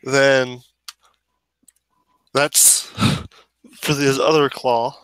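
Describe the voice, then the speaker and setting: A man's voice: mid-range voice, little pitch movement, extremely slow, a bit bright, clear, resonant tone, no echo, poor audio. A man acting as game master, casually narrating monster attacks and joking with the players. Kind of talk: running a tabletop game over voice chat.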